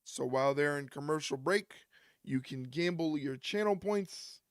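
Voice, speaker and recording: A man's voice: fairly high pitch, normal speed, clean tone, no room sound, clean studio sound. A man hosting a wrestling watch-along stream, chatting casually and teasing a friend. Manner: joking, teasing a co-viewer. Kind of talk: casual live-stream commentary.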